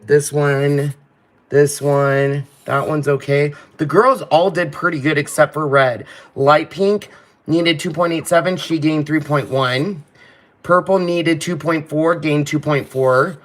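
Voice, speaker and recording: A man's voice: on the high side, fairly bright tone. A man hosting a home video, methodically explaining a puppy weight chart and reading out figures. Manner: methodical, reads figures off a list. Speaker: host, puppy breeder.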